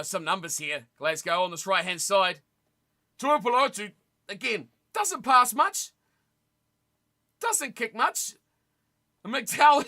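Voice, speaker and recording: A young man streaming a rugby watch party, commentating on the play and chatting casually with his viewers, with sudden loud reactions. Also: high voice. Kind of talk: casual live commentary and chat.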